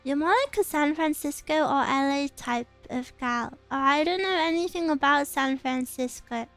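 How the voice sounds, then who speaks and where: A woman's voice: high voice, normal speed, soft background music. A young woman from England chatting casually as a streamer, rambling and giggling as she tells stories. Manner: giggly, rambling, animated storytelling. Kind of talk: casual chat reading viewer comments.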